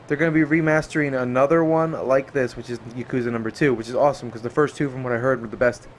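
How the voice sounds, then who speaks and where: A young man speaking fast in a mid-range voice gives casual let's-play commentary over game music, with slight background noise. He's an excitable streamer who swears a lot and yelps or laughs at what unfolds on screen.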